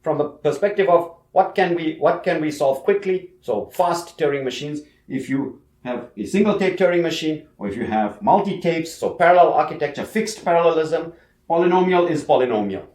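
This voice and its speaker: A man teaches a university class, talking through ideas casually and checking in with his listeners as he goes. His pitch rises and falls in a lively way. The sound echoes as if recorded in a large lecture room. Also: moderate pace, hardly any pauses. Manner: conversational, frequent "okay" and "you know", emphatic.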